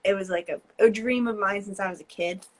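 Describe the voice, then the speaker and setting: A woman's voice: mid-range voice, low-quality recording. A woman in her twenties from New Jersey, with a New Jersey accent, chatting as a guest artist over a video call, hesitant and full of fillers. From New Jersey, USA. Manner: rambling, hesitant, many fillers and quick laughs. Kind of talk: casual chat.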